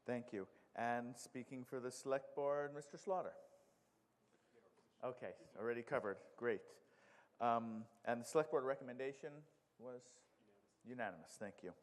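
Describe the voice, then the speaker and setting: A male moderator of middle pitch chairs a town meeting, calling on speakers in a firm, procedural way. His voice carries through a large hall with a long reverb. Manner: procedural, firm, slightly halting with fillers.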